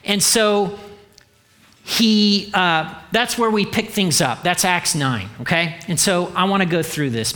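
Brief: male pastor, high bright voice, playful storyteller in a sermon. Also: unhurried. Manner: humorous, animated storytelling with acted-out dialogue.

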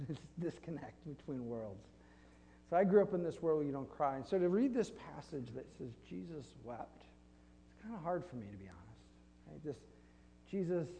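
Pastor, male, mellow tone, loose and self-deprecating delivery, long room reverb. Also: a little high, slight background noise. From Flint, Michigan. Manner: conversational, self-deprecating with laughs. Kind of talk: sermon. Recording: long reverb in a large hall.

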